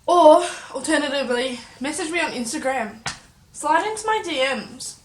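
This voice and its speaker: A woman's voice: high-pitched, animated, moderate pace. A young woman vlogging a chili challenge, panicky and exclaiming, teary and in pain. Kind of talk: casual vlog chat. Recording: echoey room with faint noise.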